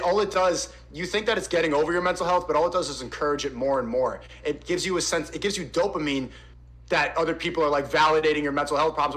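A man's voice: on the high side, a bit bright. Rambling, emotional young streamer man. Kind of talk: casual stream talk.

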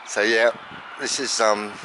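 A man with a fairly low voice chats warmly to his camera as he feeds pigeons outside. He laughs often and calls the birds over by name. His handheld camera picks up clear traffic noise from the street. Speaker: vlogger feeding pigeons. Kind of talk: casual outdoor vlog narration. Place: outdoors by puddles, rain.

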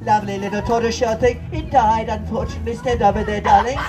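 A man with a very high voice runs a comic children's show. He bosses his volunteers around in playful, theatrical patter, and faint music plays under him. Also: fairly even intonation, fast talker. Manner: bossy, theatrical showman banter. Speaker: children's entertainer. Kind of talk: comic audience-participation patter. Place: outdoor festival stage.

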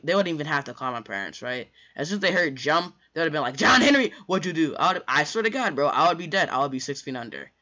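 A man's voice: on the high side, sharp tone. A man telling a school story in a casual, rambling storytime monologue, full of fillers, restarts and slangy asides. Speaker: storyteller vlogger. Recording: dull lo-fi recording.

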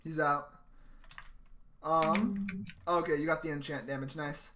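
A young man hosting a gameplay video, commenting excitedly and shouting during fights. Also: fairly high pitch, measured pace, pauses often, background noise. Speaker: gamer host.

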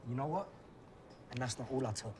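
An actor playing an awkward, apologetic young London man who talks softly and sheepishly, over film music. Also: mid-range voice, a little fast, a crowd in the background, close to an everyday voice. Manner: sheepish, soft-spoken. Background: film score music.

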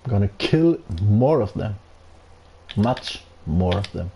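A man's voice: lowish voice, animated, takes it slowly, vocal fry, warm tone, a little hiss or hum. A man giving live commentary on his gameplay, angry and swearing a lot. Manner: angry ranting, heavy swearing. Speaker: gaming streamer.

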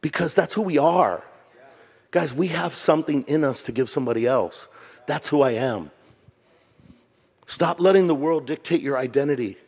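A man's voice: fairly high pitch, slightly rough, in a large hall. A man preaching a sermon, telling a story with humor and acting out other people's lines. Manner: animated, jokey, acts out voices. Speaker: pastor. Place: church sanctuary.

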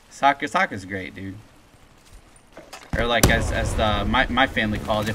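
A young man chatting on a live gameplay stream, excitable and profane, telling stories in slangy talk. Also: fairly low pitch, unhurried, long pauses, slight background noise. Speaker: gaming streamer.

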